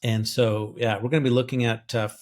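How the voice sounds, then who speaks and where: A man's voice: mid-range voice, flat delivery, brisk. Man explaining scripture grammar. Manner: thinks aloud with grammar terms, many fillers. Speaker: co-host biblical scholar. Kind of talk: explaining a Bible passage verse by verse.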